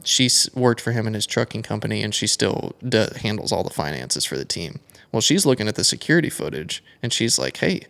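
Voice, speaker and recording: Gravelly young man telling a long story. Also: lowish voice. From United States. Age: young adult. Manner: rambling, animated storytelling with many fillers. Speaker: guest, flat track racer. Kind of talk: casual storytelling interview.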